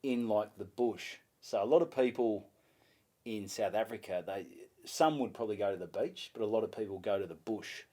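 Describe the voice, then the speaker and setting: An Australian man spins a story in loose, relaxed chat, with salty language throughout. He keeps jumping into the voices of the people he describes, so his telling stays lively. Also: on the low side, normal speed. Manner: animated, swearing, acts out voices in his stories. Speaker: comedian guest.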